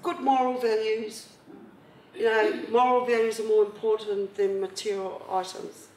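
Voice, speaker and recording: A middle-aged woman with a New Zealand accent, telling personal stories to a community gathering in a chatty, lively way with frequent laughter. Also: fairly high pitch, a little slow, slight background noise. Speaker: speaker at a community event. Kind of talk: personal storytelling talk. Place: meeting hall at a marae, indoors. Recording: echoey hall, voice far from the mic.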